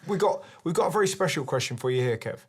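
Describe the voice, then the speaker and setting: Man, comedy show host, animated, quick to laugh, clear background noise. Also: a little high. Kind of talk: casual comedic chat. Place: television studio.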